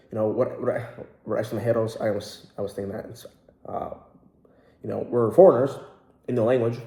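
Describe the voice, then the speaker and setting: A man with a mellow, somewhat dark voice talks casually to the camera, rambling with plenty of fillers and false starts. The sound is roomy, with a noticeable echo around him. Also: mid-range voice. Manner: chatty, full of fillers and restarts. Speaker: language-learning vlogger.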